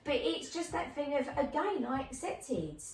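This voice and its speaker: A middle-aged woman, chatting as a podcast guest and telling lively stories in which she acts out other people's voices. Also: high-pitched, a little slow, slight background noise. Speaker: podcast guest, clairvoyant medium. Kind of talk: casual storytelling chat. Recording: roomy, distant mic.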